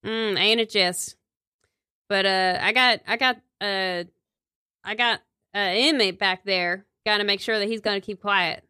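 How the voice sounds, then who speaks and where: A woman's voice: high-pitched, fairly even intonation, fast, few pauses, sharp tone, no echo, clean studio sound, voice pushed up. A woman voicing an awkward, nervous male small-town sheriff with a Southern drawl who fumbles his words around women. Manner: fumbling, hesitant, flustered with women.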